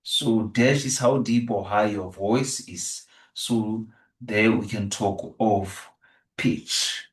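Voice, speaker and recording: Male teacher for revision lesson, measured and slow, low voice, heard from a distance in a reverberant room. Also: steady tone. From South Africa. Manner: repetitive, restates each answer. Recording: echoey room, distant from the mic.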